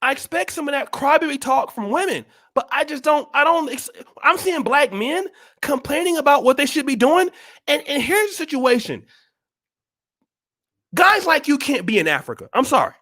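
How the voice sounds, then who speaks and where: A man's voice: very high-pitched, sing-song, moderate pace. A man hosting his own channel, giving a blunt, scolding motivational monologue full of repeated rhetorical questions. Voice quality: forceful, preachy. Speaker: channel host.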